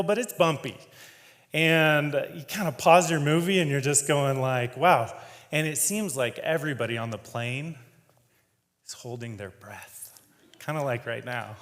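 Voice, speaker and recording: A man's voice: fairly high pitch, fairly bright tone. A man giving a humorous, conversational storytelling talk on stage as a keynote speaker. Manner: conversational and humorous, laughs often. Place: large event hall. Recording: long hall reverb.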